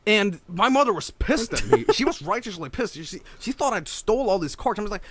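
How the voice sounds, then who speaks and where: Excitable laughing man telling a story. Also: brisk, hardly any pauses, no room sound. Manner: laughing often, acting out quotes in high voices; profane and excitable. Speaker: streamer reacting to an animation. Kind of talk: animated storytelling commentary.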